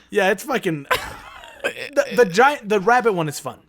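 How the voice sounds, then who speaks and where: Lively, joking man podcast host. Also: high voice. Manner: joking, profane, laughs often. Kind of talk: casual chat, reading out a story.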